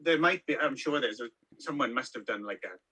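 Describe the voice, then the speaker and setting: Bright, husky-voiced man chatting films. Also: mid-range voice, expressive, fairly quick. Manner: rambling, lots of ums and restarts. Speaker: podcast co-host. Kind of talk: casual film review chat.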